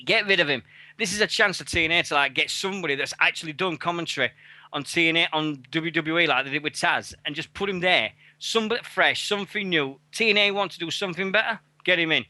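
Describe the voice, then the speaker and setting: Man, excitable radio co-host, casual swearing, bright voice, dry close sound. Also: on the high side, fast, no echo. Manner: excitable, swears freely, laughs a lot. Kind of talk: casual internet radio chat.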